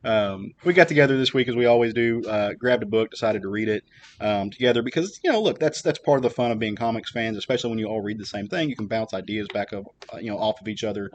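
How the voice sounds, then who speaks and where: A man's voice: lowish voice, fast talker, highs cut off, slight background noise. A man hosting a podcast, chatting casually with lots of fillers and restarts. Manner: rambling, many fillers and restarts. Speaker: podcast host. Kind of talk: casual chat.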